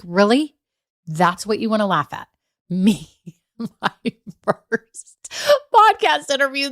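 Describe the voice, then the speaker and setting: A middle-aged woman hosting a business podcast, telling stories in a chatty, earnest way and repeating her key points for emphasis. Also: mid-range voice. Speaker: podcast host, business coach. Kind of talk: casual motivational podcast talk.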